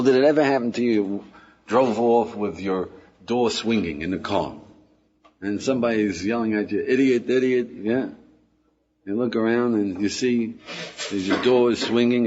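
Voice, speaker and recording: Husky guy giving a rabbi's class, chatty, keeps saying right? yeah?, muffled old tape. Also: medium pitch. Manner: lively, acts out everyday scenes. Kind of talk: informal lecture. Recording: dull lo-fi lecture recording.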